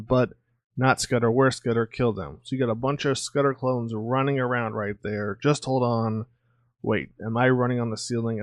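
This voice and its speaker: A man's voice: mid-range voice, no room sound. Casual male comics channel host, dry close mic. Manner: reads dialogue aloud in quick character snippets. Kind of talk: casual comic read-through.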